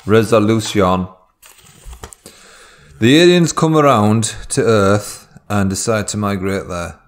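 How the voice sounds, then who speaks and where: A man co-hosting a comedy podcast, trading dry, deadpan quips while improvising a movie plot. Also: on the low side, takes it slowly. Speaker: podcast co-host.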